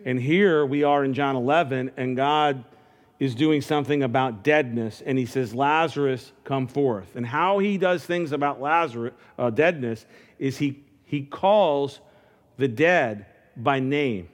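A man's voice: medium pitch, unhurried. A man preaching a sermon in a conversational way, with frequent restarts, building to fervent calls. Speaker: pastor.

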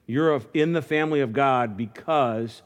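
A man's voice: medium pitch, normal speed. A man preaching a sermon in a conversational way, with frequent restarts, building to fervent calls. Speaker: pastor.

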